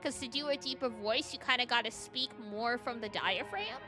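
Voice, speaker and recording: A young woman from Canada with a high, youthful-sounding voice, chatting quickly and giggling as a VTuber streamer. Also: over music. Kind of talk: casual stream chat.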